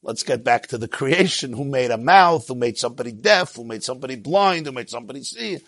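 Male Torah teacher, middle pitch, lively delivery with jokes and asides, dry recording. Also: moderate pace, no echo. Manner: excitable, jumps up in pitch when stressing a point. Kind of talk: Torah class lecture.

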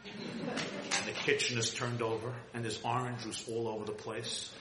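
A man giving an impassioned sermon, swinging from loud high cries to hushed low tones. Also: background noise. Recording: roomy hall with long reverb.

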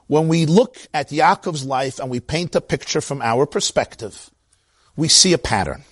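A man with a Brooklyn accent giving an animated Torah lecture, acting out the voices in the stories he tells. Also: a little high, dry recording, studio quality. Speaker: teacher of Torah.

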